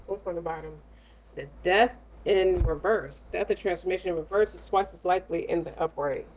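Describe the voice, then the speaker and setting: A woman's voice: lowish voice, a little fast, darkish tone, dull audio, slight background noise. A woman giving a casual tarot reading in a blunt, slangy, streetwise way. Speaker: tarot reader.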